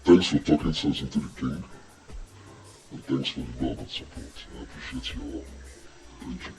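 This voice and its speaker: An actor playing a smug, ambitious young prince who gloats in a sing-song way. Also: male voice, extremely low pitch, normal speed, darkish tone. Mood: gloating. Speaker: film actor. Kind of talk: film drama acting. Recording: echoey room, mic far off, music behind.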